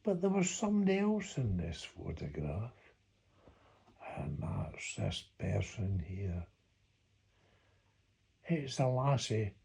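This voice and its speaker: An older Scottish man reminisces in a slow, unhurried ramble, his voice gravelly and deeply husky. His pitch swings widely as he tells his story in a folksy way. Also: warm tone. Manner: rambling, folksy, chuckling as he recalls. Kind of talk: reminiscing monologue.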